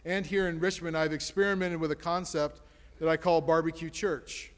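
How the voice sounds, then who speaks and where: A man's voice: on the high side, level tone, normal speed. A man preaches from the pulpit with a slightly raised, emphatic cadence, stacking rhetorical questions one after another. His voice rings out with a long reverb tail from the church sanctuary around him. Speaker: pastor. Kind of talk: sermon.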